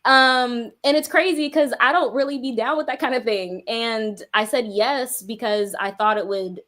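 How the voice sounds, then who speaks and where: Animated woman telling a story. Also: on the high side, normal speed. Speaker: guest, music artist. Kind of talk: casual interview talk.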